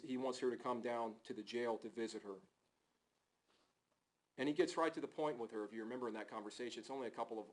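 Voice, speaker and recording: Man giving a forceful courtroom argument. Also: mid-range voice, poor audio. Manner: emphatic, rhetorical questions. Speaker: prosecutor.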